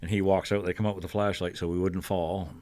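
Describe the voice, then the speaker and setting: Older man telling lively stories. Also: sits low, quick pace. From Fredericton, New Brunswick, Canada. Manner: lively storyteller who acts out quoted voices and chuckles often. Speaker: guest singer-songwriter. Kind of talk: casual storytelling in a TV interview.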